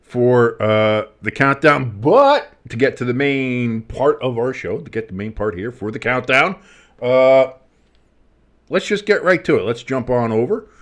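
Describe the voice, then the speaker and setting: A man co-hosting a casual sports podcast, rambling and excitable, swearing freely. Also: mid-range voice, measured pace. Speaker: podcast co-host.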